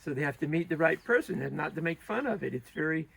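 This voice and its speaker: Man, bright edgy tone, rambling joke-teller, halting, laughs at himself. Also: fairly high pitch, expressive, gravelly, slightly rough, poor audio. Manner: halting, restarts often, laughs at own jokes. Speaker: songwriter telling a joke. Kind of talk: rambling anecdotal joke-telling.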